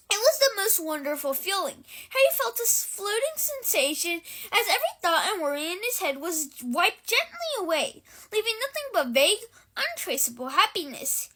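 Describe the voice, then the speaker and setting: A woman reading a novel aloud in an expressive storytelling manner. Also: extremely high pitch. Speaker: reader.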